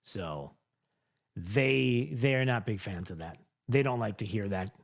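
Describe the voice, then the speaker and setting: A man's voice: lowish voice, expressive, slow pace, gravelly. A male host giving sarcastic, mocking political commentary on a microphone.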